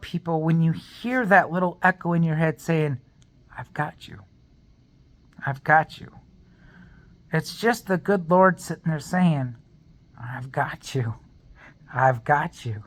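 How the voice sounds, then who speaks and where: A man's voice: on the high side, fairly bright tone. A man talking to camera in a personal vlog, earnest and rambling as he shares a faith testimony and speaks openly about being in pain. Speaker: vlogger.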